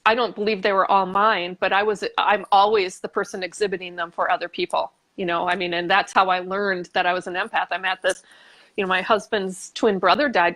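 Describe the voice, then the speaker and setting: An American woman talks as a guest on a casual podcast. She tells her story with animated energy, acts out her own past reactions, restarts her sentences often and laughs between phrases. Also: medium pitch. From United States. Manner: laughs while talking. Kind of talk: casual conversation.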